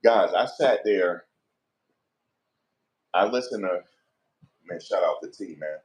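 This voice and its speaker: Low-voiced dude ranting on his vlog, slangy, animated, keeps asking for likes. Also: slow. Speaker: online commentator. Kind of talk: casual vlog commentary.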